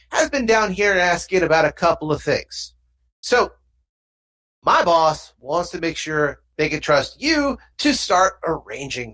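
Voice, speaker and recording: A game master voicing a pushy male alien mobster thug who talks in rambling street slang, pitched up a little from their own voice. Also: fairly bright tone. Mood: bargaining.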